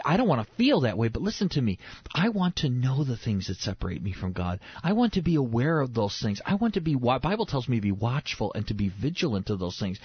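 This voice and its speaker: A man's voice: medium pitch, slightly rough, no room sound. A man teaching the Bible in a sermon style, emphatic and repeating key phrases for stress. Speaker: preacher on a faith show. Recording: dull lo-fi sound.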